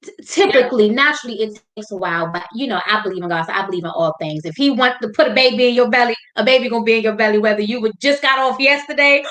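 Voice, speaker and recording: A woman's voice: a little high, very fast, fairly bright tone. Encouraging woman hosting a faith talk show. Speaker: host.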